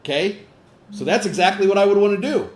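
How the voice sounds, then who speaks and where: A man's voice: high-pitched, animated, fast. A man giving a training talk to distributors, emphatic, asking the audience rhetorical questions and checking in with frequent "okay?". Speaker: sales trainer. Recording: echoey room.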